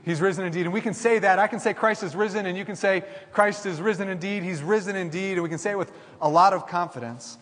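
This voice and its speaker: A man's voice: high voice, quick pace, few pauses, fairly bright tone. A man pastor preaching a sermon, building with repeated declarations and frequent restarts. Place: large church hall. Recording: long hall reverb.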